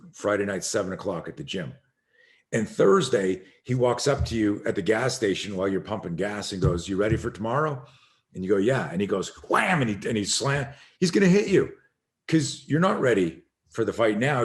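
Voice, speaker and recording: Middle-aged guy, lowish voice, tells a self-defense story with lots of acted-out lines and swearing. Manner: acts out quoted voices, swearing, emphatic. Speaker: self-defense instructor, podcast guest. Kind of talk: animated storytelling interview.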